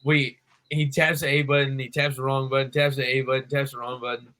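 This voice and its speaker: A young man, co-hosting a podcast and telling a story in a lively, animated way. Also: medium pitch, a little fast, rough recording. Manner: animated storyteller, acts out quoted voices. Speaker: podcast co-host. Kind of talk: casual storytelling chat.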